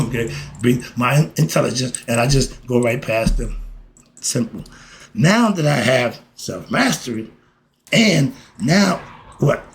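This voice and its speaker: A man's voice: on the high side, slight background noise. Blunt New man preaching life lessons. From New York. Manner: preachy, blunt, street slang, chuckles often. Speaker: vlogger giving life lessons. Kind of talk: casual motivational monologue.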